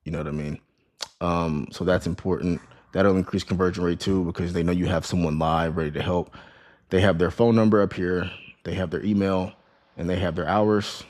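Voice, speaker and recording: A man's voice: deep voice, steady tone, a little fast, a little mellow. A man giving a casual screen-share lesson on running an online store, talking conversationally with many "right?" tags and restarted words. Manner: conversational, repeats "right?" and "you know what I mean?", restarts words. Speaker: online business course creator.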